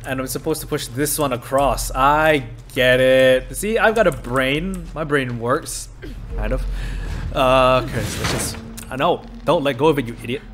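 A man's voice: medium pitch, moderate pace, fairly bright tone. Chatty man swearing through a puzzle. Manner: chatty, swears at the game, thinks aloud. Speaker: let's play commentator. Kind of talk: casual gameplay commentary. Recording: game music under voice.

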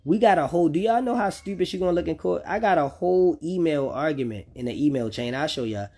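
A man's voice: fairly high pitch, animated, quick pace, darkish tone, breathy edge. A man speaking to viewers about his children, heated and repetitive, swearing often. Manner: talks directly to listeners. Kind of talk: unscripted personal vlog rant.

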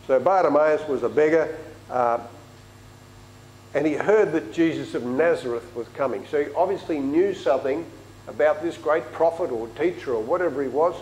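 A man's voice: fairly high pitch, moderate pace, darkish tone, echoey room, slight background noise, low-quality recording. A man preaching a sermon in a chatty, storytelling way in a church.

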